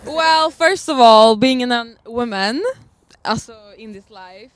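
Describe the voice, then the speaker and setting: A woman guest in a casual podcast chat, assertive and quick to laugh. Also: fairly high pitch, a faint crowd.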